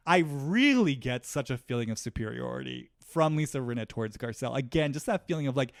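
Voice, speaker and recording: A man's voice: medium pitch, lively intonation, brisk, vocal fry, few pauses, dry recording, studio quality. A man hosting a solo podcast, talking in a reflective, conversational way, loose with fillers. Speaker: podcast host.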